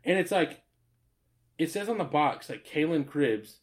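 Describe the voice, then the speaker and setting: A man's voice: a little high, animated, measured pace. A man telling stories in casual chat, rambling and swearing freely, laughing often.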